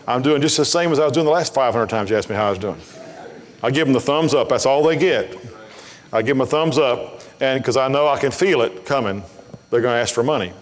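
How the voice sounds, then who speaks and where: In a church sanctuary, a pastor with a brisk, mid-range voice tells folksy stories bluntly and builds to emphatic preaching. The recording carries the long hall reverb of a church.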